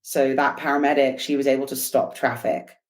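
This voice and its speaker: A woman guest on a podcast, telling a personal story in an animated, chatty way with laughs and fillers. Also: rumbling low, moderate pace. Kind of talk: casual storytelling interview.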